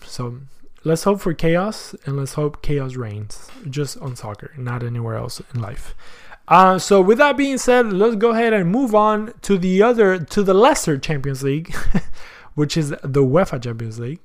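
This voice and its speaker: A man's voice: a little high, animated, moderate pace. A man hosting a soccer podcast in casual chat, slangy and thinking aloud as he goes. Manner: chatty, thinks aloud, asks himself questions.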